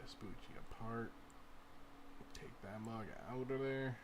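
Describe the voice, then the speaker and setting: A man's voice: medium pitch, fairly even intonation, a little slow, noisy background. A man hosting a casual screen-share game modding tutorial, rambling as he works and urging viewers to try things themselves. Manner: rambling, talks to viewers directly and urges them on. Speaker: gaming livestream host.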